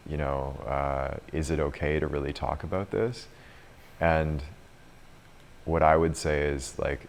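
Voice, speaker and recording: A man in his thirties leading a retreat group, telling a story in a chatty way and laughing often. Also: very deep voice. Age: 30s. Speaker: retreat leader and coach.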